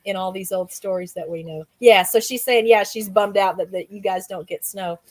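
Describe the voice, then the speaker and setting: An American woman hosting a casual interview over a video call, bubbly and quick to laugh. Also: mid-range voice, dry recording. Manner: bubbly, giggly, quick-reacting. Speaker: show host.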